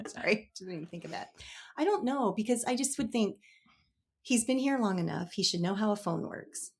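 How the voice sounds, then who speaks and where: A woman's voice: mid-range voice, lively intonation, fairly quick, creaky, darkish tone, slightly rough. A woman guest on a podcast in casual chat, making offhand remarks. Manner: laughing, offhand asides.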